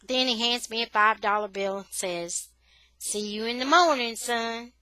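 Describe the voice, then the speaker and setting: A woman reading a children's novel aloud in an expressive storytelling manner. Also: medium pitch, dry recording, rough recording. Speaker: reader.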